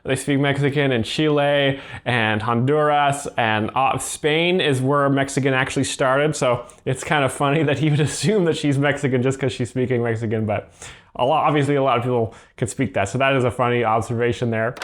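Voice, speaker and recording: A man hosting as a joke explainer, speaking in a deadpan, earnest way that over-explains every joke. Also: mid-range voice, fairly quick. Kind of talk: deadpan commentary.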